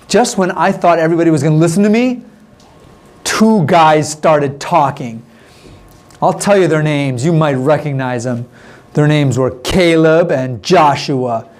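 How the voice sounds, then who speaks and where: Young male storyteller, high voice, animated first-person tale for kids. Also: unhurried. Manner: animated, playing a nervous spy, many restarts. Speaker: storyteller for kindergarten class.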